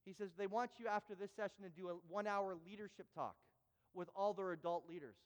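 A man preaching a sermon, telling a personal story with stammering restarts and building to loud, fervent exhortation. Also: high voice, quick pace, big-room sound. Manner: stammering restarts when retelling panic.

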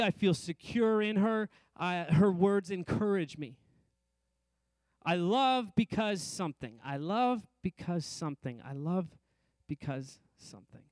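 A middle-aged male pastor with a fairly high voice delivers a sermon in rhythmic, repeated phrases. He climbs in pitch and slows down to stress his main points. The sound is dry and close, with little room echo. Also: a little mellow. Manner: varies emphasis, rising and slowing on key phrases; repetitive, rhythmic preaching.

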